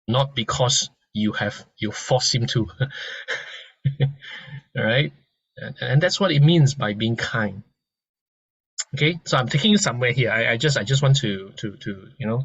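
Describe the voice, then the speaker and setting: A man giving a gentle, conversational dharma lesson, explaining ideas through a story and often restarting his sentences. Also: mid-range voice, breathy edge, no echo, low-quality recording. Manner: gentle and conversational, many restarts and soft laughs. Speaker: dharma teacher. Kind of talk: informal lecture with analogies.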